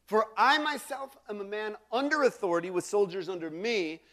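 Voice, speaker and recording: A middle-aged man delivers a sermon with a slightly high-pitched voice. He preaches conversationally, breaking off into restarts and asides to his listeners. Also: expressive, fairly quick, a bit bright. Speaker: pastor.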